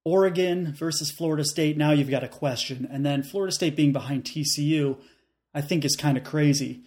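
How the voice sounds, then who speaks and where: A man co-hosting a casual sports podcast, riffing with deadpan jokes. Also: on the high side, a little fast. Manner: jokey, deadpan riffs. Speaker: podcast co-host.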